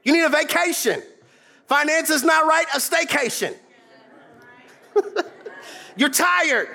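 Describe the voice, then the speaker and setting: High-pitched, lively preaching man. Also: takes it slowly, creaky. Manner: preaching with humor and sudden shouts, mimicking voices. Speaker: pastor. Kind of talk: sermon.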